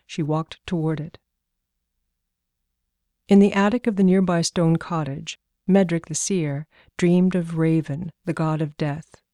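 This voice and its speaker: Low, mellow woman narrating a story. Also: steady tone, measured pace, no echo, studio quality.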